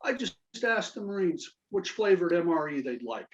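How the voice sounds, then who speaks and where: A Navy veteran in his forties from Kentucky performs a stand-up set full of dry, self-mocking punchlines in a Southern American accent. His voice sits high with big pitch swings, his pace is moderate, and the audio sounds dull.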